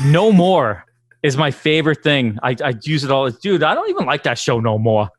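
A man's voice: mid-range voice, sing-song, fairly quick, fairly bright tone, dry recording, studio quality. A man from the area, telling stories in a profane, rambling way on a casual podcast, laughing often. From Boston area, Massachusetts. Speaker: touring musician and podcast guest. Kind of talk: casual podcast chat, storytelling.

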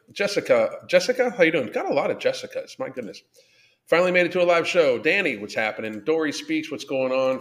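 A man of middle pitch hosts a live podcast and talks bluntly, swearing often. He rants and reads out viewer chat in a loose, casual way. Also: fairly bright tone. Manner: profane, blunt, ranting. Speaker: podcast host. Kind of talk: live-stream rant reading chat.

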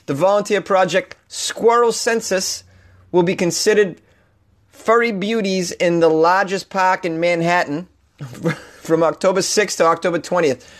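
A man's voice: sits high, steady tone, measured pace. A man with a Boston accent hosting a comic news show, sarcastic and chuckling as he riffs, often tripping over his words. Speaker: podcast host.

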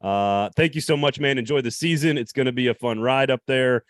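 A man's voice: medium pitch, fairly quick, no echo. A man with a mid-range voice hosting a talk show. He asks questions in a friendly way and then moves into commentary, recorded dry and close to the mic. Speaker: radio show host. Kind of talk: casual interview and commentary.

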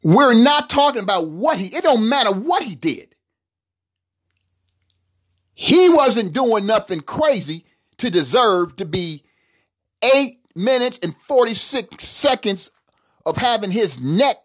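A man's voice: high-pitched, sing-song, slow pace, long pauses, husky. A middle-aged man hosting a solo podcast, talking in an emphatic, preachy way and repeating words for stress. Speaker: podcast host.

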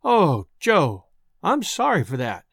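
A woman's voice: low voice, huge pitch swings, slow, gravelly, slightly rough, dry recording, studio quality, exaggerated voice. A man voicing a cheerful young village girl who speaks tenderly. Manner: bright, tender.

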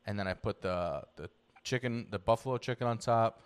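A man's voice: fairly low pitch, brisk, smooth. A young man co-hosting a podcast, talking casually in a matter-of-fact, blunt and joking way. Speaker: podcast co-host. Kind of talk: casual chat.

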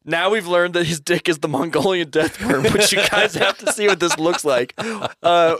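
Young dude on a podcast, jokey and hyped, kinda high voice, dry mic. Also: male voice, moderate pace, no room sound. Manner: joking, teasing, excitable. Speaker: podcast co-host. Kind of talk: casual banter.

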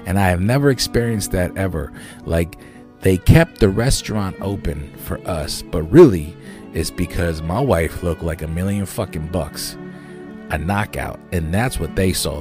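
Man, podcast host, very low voice, casual rambling storytelling, swears, animated, faint music.

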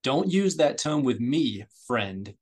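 A man's voice: mid-range voice, big pitch swings, takes it slowly, a little mellow, slightly rough, heavily acted. A man voicing a nervous, surly young male thief who growls his lines harshly and defensively.

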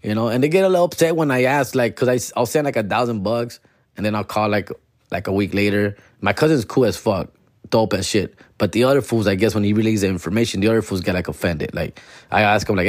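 A man's voice: lowish voice, fast talker, no echo, clean studio sound. Slangy, profane man in his forties. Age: 40s. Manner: slangy, profane, mixes in Spanish, animated impressions. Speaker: storyteller. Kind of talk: casual storytelling chat.

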